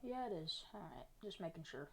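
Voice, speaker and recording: A woman's voice: fairly low pitch, big pitch swings, brisk, vocal fry, background noise. A woman live streaming, chatting casually to an almost empty chat while she works on a map. She talks in a rambling, self-mocking way.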